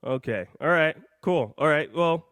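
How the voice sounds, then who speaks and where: A breathless man hosts a live call-in show, rambling in a hyped, jokey way as his volume swings from loud to soft. His voice sits fairly high and sounds animated and smooth, with a measured pace and a dry recording.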